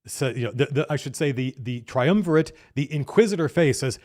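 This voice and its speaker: A middle-aged man recounts a tabletop game session he ran, speaking as a game master. His telling is casual and excited, full of false starts and the odd curse, as he gushes about how the night went. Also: mid-range voice, brisk. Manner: excited, animated storytelling with restarts and profanity. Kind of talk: casual campaign diary monologue.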